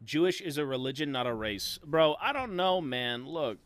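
A young man from Canada streams a game in casual chat, excitable, goofy and quick to swear. His voice sits high and bright and bounces around a lot. The sound is close and dry. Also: dry recording.

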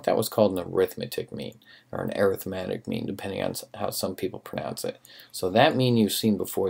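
A man's voice: low voice, vocal fry, a little mellow. A man teaching a recorded math lesson, talking casually through worked steps and encouraging students.

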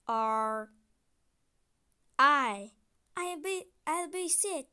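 A woman telling a homemade story video and voicing its characters, speaking halting, broken English with restarts. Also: high-pitched, expressive, fairly bright tone, clear, resonant tone.

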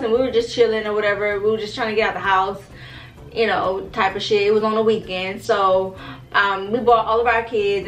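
A young woman, telling a story to her viewers in an animated, profane, casual way. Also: on the high side, reverberant, poor audio. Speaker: storytime vlogger.

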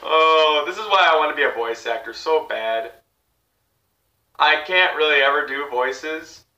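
A man hosting a reaction video, chatting excitedly to viewers. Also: fairly high pitch, a little slow, roomy sound, far from the mic, dull audio. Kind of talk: casual reaction commentary.

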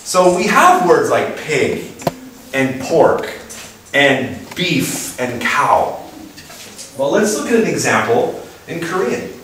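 A man giving a playful, lively lecture to an audience, asking them questions and putting on voices. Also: a little high, takes it slowly. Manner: animated, playful, puts on voices and asks the crowd questions. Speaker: speaker giving a talk. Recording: echoey room from far off with faint noise.

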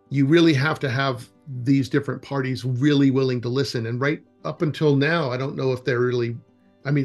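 A man being interviewed about outdoor education, telling anecdotes in a loose, rambling way and acting out the dialogue. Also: medium pitch. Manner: animated, acts out quoted dialogue in anecdotes; loose and rambling, with frequent restarts. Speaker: executive director of a wilderness education program, interview guest. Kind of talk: casual interview storytelling.

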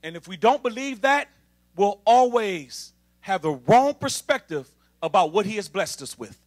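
A man preaching an emphatic sermon to a congregation, calling for responses from the pews and building up to shouting. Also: sits high, lively intonation, normal speed. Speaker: assistant minister.

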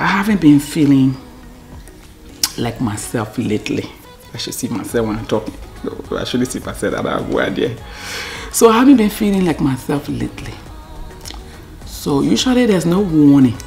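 Low, gravelly Liberian woman rambling to camera. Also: mellow. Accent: Liberian English. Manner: rambling, talks to herself, drops to near-whispers. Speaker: vlogger. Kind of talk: casual talk to camera.

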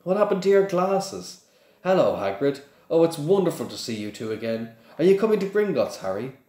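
A man reading aloud and voicing an eager young schoolgirl witch in a high, quick voice, in an echoey room. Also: very animated, warm tone.

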